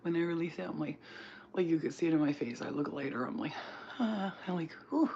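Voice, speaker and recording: A man's voice: fairly high pitch, fast talker, creaky, darkish tone, lo-fi sound, slight background noise. A man in a casual livestream chat, giving spiritual readings in a blunt, chatty way and swearing freely.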